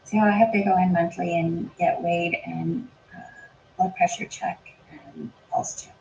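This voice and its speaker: Woman guest, gravelly voice, calm storyteller, dull lo-fi audio with faint hiss. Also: lowish voice, unhurried. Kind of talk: casual chat.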